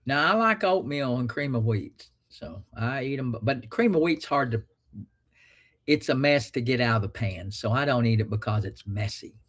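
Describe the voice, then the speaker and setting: A man's voice: mid-range voice, expressive, normal speed, a bit bright. A man hosting a call-in show, talking in a folksy, rambling way with crude jokes. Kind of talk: casual call-in talk.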